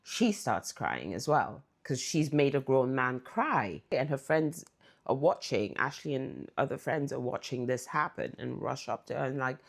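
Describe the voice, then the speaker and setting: A woman's voice: rumbling low, very animated, measured pace, creaky. A woman telling a story to her viewers in a chatty way, speaking right to them. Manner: chatty, addresses viewers directly. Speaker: vlog storyteller. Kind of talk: casual storytelling to camera.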